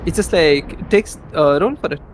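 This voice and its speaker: A man's voice: on the high side, moderate pace, slight background noise. A man from India running a tabletop game as game master, narrating casually and hesitantly with many "like" and "uh". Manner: hesitant, full of "like" and "uh".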